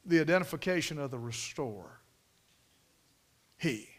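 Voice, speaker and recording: A man preaching a sermon in a folksy storytelling way, swinging from loud emphasis to hushed near-whispers. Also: medium pitch, animated, slow, long pauses.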